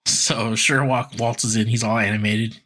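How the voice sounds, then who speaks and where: A man's voice: on the low side, fairly even intonation, a little slow, noisy background. A man co-hosting a podcast, retelling a cartoon episode loosely with lots of "like" and quoted voices. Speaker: podcast co-host. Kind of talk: casual podcast recap.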